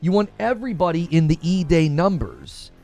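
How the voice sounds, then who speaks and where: A man hosting a casual gaming news live stream, talking straight to his chat in an animated way. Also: on the high side, moderate pace, faint music behind.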